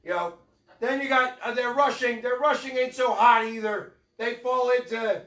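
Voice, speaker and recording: A man hosting a fan sports show, ranting in a fired-up, rambling way and shouting his points. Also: very high voice, moderate pace. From Philadelphia area. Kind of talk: fan commentary rant. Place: tavern.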